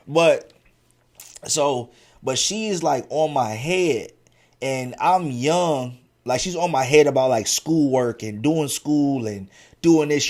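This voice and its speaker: A man hosting his own podcast and telling stories from his school years in a slangy, animated, casual way, with many restarts. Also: fairly high pitch, moderate pace. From central Ohio. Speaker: podcast host. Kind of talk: casual storytelling monologue.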